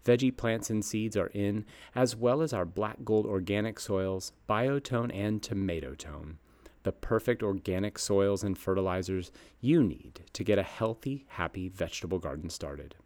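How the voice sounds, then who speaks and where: A man's voice: lowish voice, moderate pace, a little mellow. A man in his fifties, a garden nursery host reading his scripted column aloud in a folksy, upbeat storytelling way.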